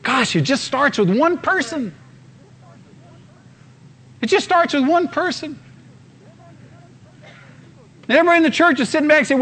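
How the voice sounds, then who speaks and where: Male pastor, very high voice, fervent sermon delivery that acts out scenes. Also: animated, normal speed, long pauses, a bit bright. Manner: fervent preaching, acts out scenes with sudden bursts.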